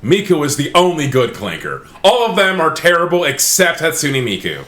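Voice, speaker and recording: A man co-hosting a comedy podcast, telling stories in an animated, excitable way. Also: fairly high pitch, moderate pace, echoey room. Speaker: podcast co-host. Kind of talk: casual chat.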